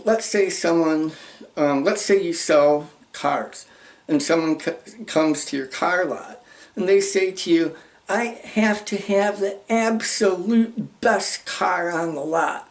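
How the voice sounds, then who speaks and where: A man hosting a motivational self-help lesson, talking emphatically and acting out little example conversations. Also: fairly high pitch. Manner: emphatic, acts out example dialogue. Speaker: channel host teaching social skills.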